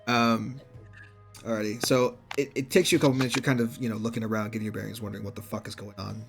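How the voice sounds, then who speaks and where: A man narrating a tabletop game as game master, relaxed and full of fillers and small laughs. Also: lowish voice, fast talker, vocal fry, faint music behind.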